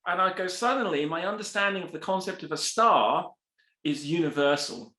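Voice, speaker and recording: A man speaking as a guest scientist in a podcast interview, animated and quick with asides, acting out quoted voices as he explains. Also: high voice, roomy sound.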